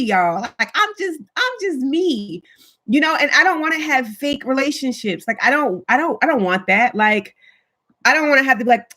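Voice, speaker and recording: A woman's voice: fairly high pitch, lively intonation, a little fast, bright, forceful tone. A chatty woman hosting a casual livestream, talking emphatically and answering viewer comments. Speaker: livestream host. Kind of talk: casual live chat with viewers.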